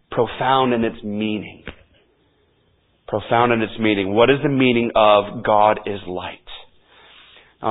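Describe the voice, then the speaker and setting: A man preaching a sermon as pastor, emphatic and repeating key phrases for stress. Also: mid-range voice. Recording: tinny phone-like audio.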